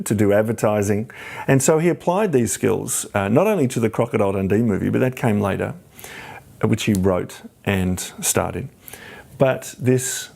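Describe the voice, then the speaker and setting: A man hosting a podcast, telling stories in a casual, animated way and acting out the people he quotes. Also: lowish voice, creaky. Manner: animated, acts out quoted voices. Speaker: podcast host. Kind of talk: casual storytelling chat.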